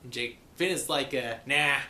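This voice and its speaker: A man recapping a cartoon episode in a playful pirate persona, saying "be" for "is" and slipping into quick voices for the characters. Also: on the high side, animated, pushed and bright. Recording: echoey room with faint hiss.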